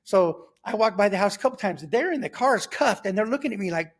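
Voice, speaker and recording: A man, telling his life story in a casual, animated way, acting out quotes and laughing as he goes. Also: high voice, brisk, breathy edge. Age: 50s. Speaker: guest telling his testimony. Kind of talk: conversational storytelling.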